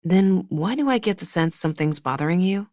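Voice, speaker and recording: An easygoing grown man, attentive and gently teasing, his lines kept calm and unhurried, as a woman reads him. The voice sits low and is heard dry and close, with no room around it. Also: no room sound, close to an everyday voice.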